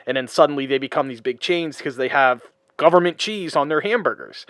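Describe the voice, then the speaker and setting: A man who hosts a podcast talks through a long explanation in an easygoing, conversational way. His voice sits a little higher than usual for a man. The sound is close and dry, with no room around it. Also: a little fast, dry recording. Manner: explains at length in a relaxed, conversational way. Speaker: podcast host. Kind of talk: casual chat.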